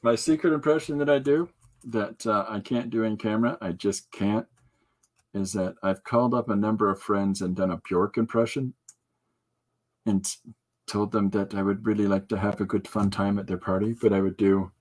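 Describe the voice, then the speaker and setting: In a rambling, casual podcast conversation, a man jokes around, laughs a lot and breaks into impressions. His voice is on the low side and darkish, with a steady tone and normal speed.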